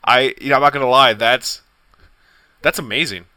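A man co-hosting a podcast in casual chat, excitable and profane, laughing often and tripping over his words. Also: medium pitch, moderate pace, dry recording, poor audio. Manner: excitable, profane, laughs a lot, stammers restarts. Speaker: podcast co-host.

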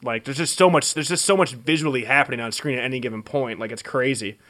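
A man's voice: medium pitch, fast talker, sharp tone. A married man co-hosting a casual movie podcast, joking and swearing in a laid-back way.

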